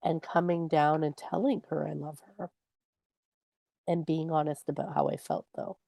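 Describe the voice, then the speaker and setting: A woman's voice: deep voice, flat delivery, moderate pace, creaky, mellow, no room sound. A woman co-hosting a podcast, telling a personal parenting story in an earnest way. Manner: earnest storytelling, acts out her own quoted words. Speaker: podcast co-host. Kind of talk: casual chat.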